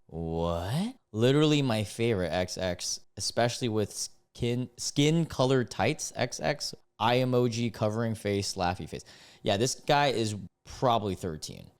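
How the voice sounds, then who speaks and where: A man, reading chat screenshots aloud and mocking them in casual reaction commentary, often breaking into loud disbelief. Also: on the low side, clear, resonant tone. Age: 20s. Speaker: content creator reacting to screenshots.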